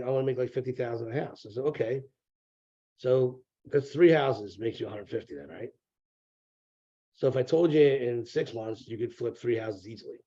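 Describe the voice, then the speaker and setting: A man's voice: medium pitch, mellow, lo-fi sound. A man, a real estate broker, is a guest in a casual interview over a remote call. He rambles, repeats words and swears freely.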